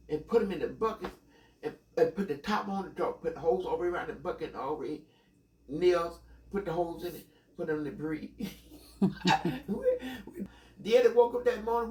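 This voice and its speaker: A high-pitched man from Mississippi in the US South rambles through childhood memories, swearing freely and laughing often mid-story. He sounds far from the mic, in a roomy space, as he reminisces casually.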